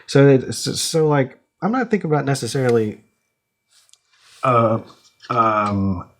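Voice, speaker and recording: A young man with a mid-range, fairly bright voice and lively intonation speaks unhurriedly as co-host of a casual podcast. He explains by throwing quiz questions at his co-host, his talk full of fillers and restarts.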